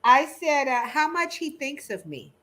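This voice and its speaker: Bright, lively woman. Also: high voice, unhurried. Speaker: podcast guest. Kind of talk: casual chat.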